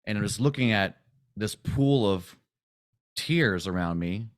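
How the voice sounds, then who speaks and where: A man with a fairly low voice talks a group through a client's breakthrough. He tells it casually and with animation, acting out the quotes and checking in with a "right?" again and again. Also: unhurried. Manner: animated retelling, acts out quotes, frequent "right?". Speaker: spiritual coach.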